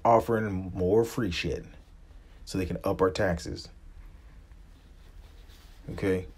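A man's voice: fairly low pitch, normal speed, darkish tone, husky. A man in his forties from the United States, a vlogger giving a blunt, profane, impassioned opinion rant to camera.

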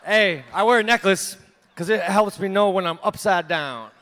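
Man, 30s, high-pitched voice. Deadpan stand-up comic, mumbles off and chuckles at his own lines, live theater. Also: normal speed. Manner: deadpan one-liners, trailing off and laughing at himself. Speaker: stand-up comedian. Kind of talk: stand-up set. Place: large theater stage, live audience.

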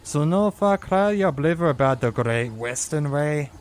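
A man's voice: on the high side, animated, unhurried. A man voicing a blunt twin engine. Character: frank male twin engine.

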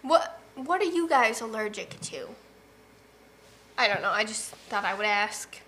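A woman's voice: a little high, lively intonation, a little slow, fairly bright tone, a little hiss or hum. A young woman co-hosting a livestream in casual chat, telling stories and reading viewer comments aloud. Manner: chatty storytelling, reads viewer comments aloud. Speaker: livestream co-host.

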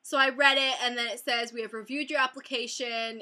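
A woman's voice: on the high side, steady tone, quick pace, few pauses, pushed and bright. A young woman chatting to camera in a casual vlog, bubbly and rambling with lots of fillers. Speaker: beauty vlogger.

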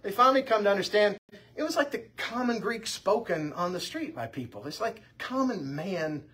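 A man's voice: sits high, moderate pace, husky. A man teaching an informal church Bible class, conversational and full of anecdotes. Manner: conversational, anecdotal, lively delivery.

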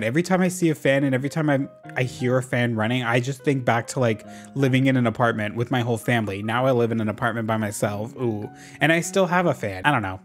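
Sassy young guy chatting over a cozy game, swears a lot, mid-pitched voice, soft music behind. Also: fast, few pauses. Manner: sassy, profane, reads villager lines aloud. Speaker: gaming vlogger. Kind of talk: casual gameplay commentary.

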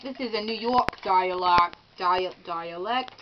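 A woman's voice: lowish voice, measured pace, muffled recording, noisy background. A tipsy woman casually reading lines aloud among friends, giggly and unsure, stumbling over her words. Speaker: friend trying out accents. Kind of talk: casual home video, reading lines in accents.

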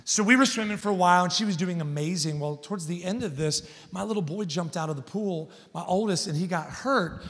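High-voiced preacher in a big echoing hall. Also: male voice, fairly quick, few pauses. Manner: storytelling, builds to loud emphatic points. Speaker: guest preacher. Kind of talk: sermon. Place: large church hall. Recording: long church hall reverb.

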